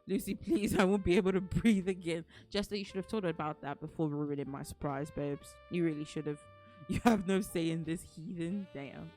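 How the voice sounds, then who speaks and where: A woman's voice: fairly low pitch, moderate pace, dark tone, soft background music. A woman streamer chatting casually with her viewers, playful and teasing, putting on mock anger and laughing often. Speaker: streamer reading to chat.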